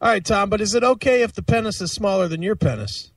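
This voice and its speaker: Male host, high-pitched, needling the caller with crude teasing; dry, slightly distant. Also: fast talker, gravelly, no echo. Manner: goading, teasing questions. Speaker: podcast host. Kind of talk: crude comic call-in banter.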